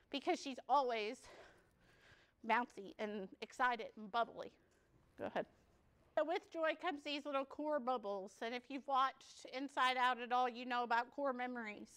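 A woman's voice: a little high, fairly bright tone. A woman giving a peer support workshop at a conference, chatty and joking, laughing often. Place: conference session room.

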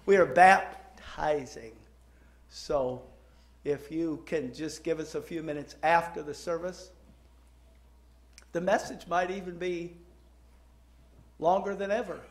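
A man's voice: fairly high pitch, creaky. A man who is a pastor, chatting and joking with his congregation, then praying earnestly. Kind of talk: sermon announcements and prayer. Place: church sanctuary.

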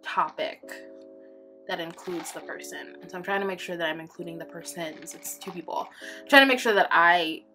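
A woman's voice: lowish voice, brisk, pushed and bright, soft background music. A woman in her twenties talking casually to camera in a personal vlog, rambling, often laughing, and close to tears. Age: 20s. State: holding back tears. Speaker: vlogger.

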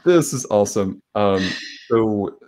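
A man with a very low voice hosts a relaxed podcast conversation. He grew up in South Carolina and tells stories at an easy pace, pausing often to gather his thoughts. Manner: unhurried storyteller, frequent filler pauses. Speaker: podcast host. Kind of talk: casual conversation.

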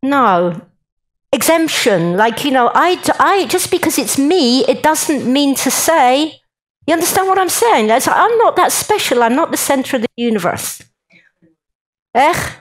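A woman's voice: high-pitched, very animated, unhurried, rough recording. A woman giving a chatty, joking talk to a live conference audience and speaking straight to the crowd.

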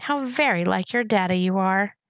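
A woman's voice: medium pitch, moderate pace, a bit bright, no room sound, clean studio sound, close to an everyday voice. A woman voicing a cunning, menacing male rat who speaks with mocking sarcasm. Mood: sarcastic.

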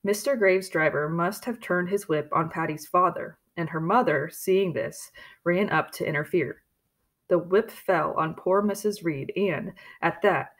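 A woman reading a storybook chapter aloud in a steady, plain manner, with occasional slips and restarts. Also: on the low side. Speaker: audiobook reader. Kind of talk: storybook narration.

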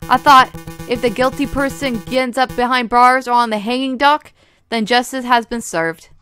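A woman's voice: fairly high pitch, fairly even intonation, normal speed, a bit bright, soft background music, lightly acted. Woman reading a serious rooster prosecutor dude, thoughtful, lectures a bit. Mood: reflective. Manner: earnest, reflective lecturing. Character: principled male rooster prosecutor, earnest.

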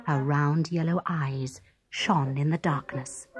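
A woman narrating a children's story in a gentle, expressive storybook manner. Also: low-pitched, takes it slowly. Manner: gentle, expressive read-aloud. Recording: music bed behind.

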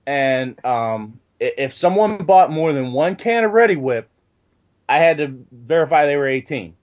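A man's voice: a little high, normal speed. A young man telling a rambling, profane workplace story in casual chat. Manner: rambling and profane, animated when telling stories. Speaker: podcast co-host. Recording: dull lo-fi sound.

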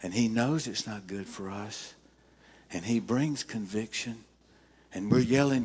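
An older man preaching a sermon as pastor, emphatic, telling stories with dramatic pauses. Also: on the low side, a little mellow, breathy edge.

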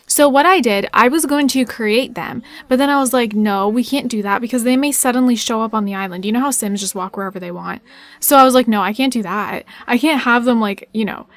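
A young woman chatting her way through a life-sim game, excitable and quick with her words. Her voice sits fairly high, and the sound is close and dry with no room around it. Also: no room sound. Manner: fast-talking, excitable, chatty. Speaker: gaming YouTuber. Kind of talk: casual gameplay commentary.

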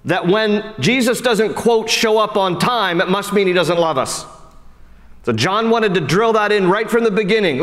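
A man preaching a sermon as pastor, animated and conversational, swinging between emphatic high lines and soft low ones, with frequent casual asides. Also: long reverb tail. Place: church sanctuary.

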